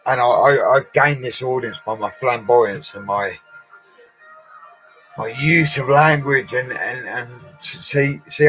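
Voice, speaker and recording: A man's voice: medium pitch, fairly bright tone, low-quality recording. A middle-aged man, rambling through a casual live stream with laddish banter and frequent laughter. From Colchester, England. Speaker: livestream host.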